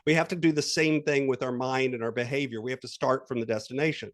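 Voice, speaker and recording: A man who is a guest coach on a podcast interview. He walks the listener through an exercise with animated storytelling and quoted voices. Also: medium pitch, quick pace.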